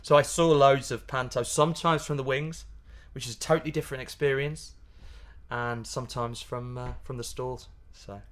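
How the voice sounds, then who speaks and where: A man, a pantomime comedian chatting as a guest in a casual interview, animated and laughing, often restarting his sentences. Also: medium pitch, moderate pace. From Yorkshire, England.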